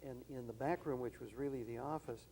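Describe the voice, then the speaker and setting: Older male guest, gravelly and mellow, thoughtful measured reminiscer. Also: mid-range voice, slight background noise, poor audio. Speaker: interview guest. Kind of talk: reminiscing conversation.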